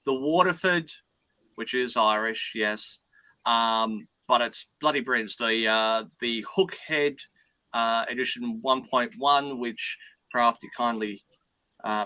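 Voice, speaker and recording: A man co-hosting a casual chat, relaxed and hesitant with fillers. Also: mid-range voice, unhurried, no echo. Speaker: co-host.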